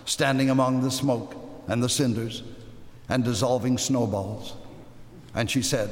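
A man reading a story aloud with lively, dramatic storytelling. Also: mid-range voice, unhurried, pauses often. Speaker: reader. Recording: echoey room with long reverb.

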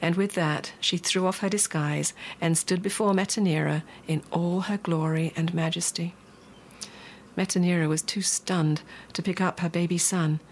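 A woman telling a myth in a gentle, expressive, unhurried way. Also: fairly low pitch, a little hiss or hum. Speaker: storyteller. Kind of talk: myth storytelling.

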